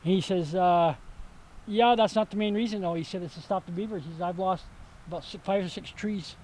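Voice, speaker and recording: An older man giving a casual outdoor tour of his rural property, telling stories in a folksy, halting way with many fillers. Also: high-pitched, a little mellow, slight background noise, poor audio. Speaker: vegetable stand owner. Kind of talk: casual chat on a walking tour.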